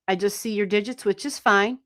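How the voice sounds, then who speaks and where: A woman giving live astrology readings on a stream, chatty and animated, swearing casually and laughing often. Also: mid-range voice, a little fast. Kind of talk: casual livestream chat.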